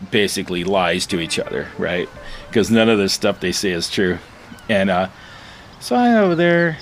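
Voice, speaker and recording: A middle-aged man, a fisherman, telling his own story in a casual, animated interview, laughing and leaning on "you know.". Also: on the low side.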